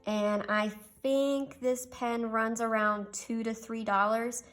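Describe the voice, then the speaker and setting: A woman's voice: on the high side, level tone, slow, a bit bright, faint music behind. Chatty young woman reviewing pens. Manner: chatty, gushing, self-deprecating asides. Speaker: stationery reviewer. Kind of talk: casual pen review while writing.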